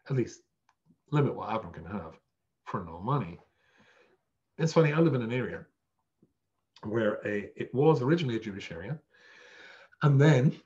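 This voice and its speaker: A man's voice: lowish voice, darkish tone, highs cut off. A man teaching a weekly Torah lesson as a rabbi, conversational and self-deprecating. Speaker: rabbi teaching a text class.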